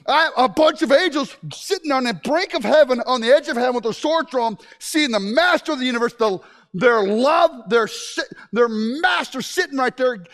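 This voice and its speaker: Preaching a sermon, this man tells stories with lots of animation and keeps restarting his lines. His pitch sits very high.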